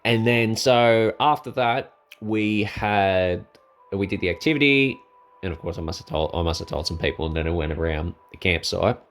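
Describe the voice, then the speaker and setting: Aussie guy telling a story from his life, kinda low voice, animated, acts out the dialogue and laughs at his own jokes. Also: moderate pace. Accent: Australian. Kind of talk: casual personal storytelling.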